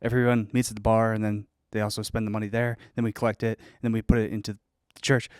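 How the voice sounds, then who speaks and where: Brief: male co-host, lowish smooth voice, dry close sound, offbeat joker. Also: little pitch movement, quick pace, no echo. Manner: goofy, offbeat riffing. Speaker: podcast co-host. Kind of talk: casual comedic chat.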